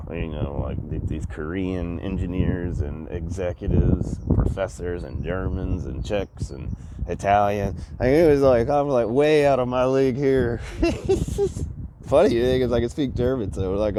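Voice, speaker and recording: A man's voice: sits low, warm tone, slight background noise. A man vlogging outdoors in a city, telling a rambling story, swearing, laughing a lot and mimicking the people in it. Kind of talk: rambling travel story while exploring a city.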